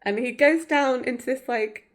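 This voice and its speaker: A woman's voice: high voice, moderate pace. A woman co-hosting a podcast, recapping a TV episode in casual, chatty talk full of fillers and giggles. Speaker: podcast co-host.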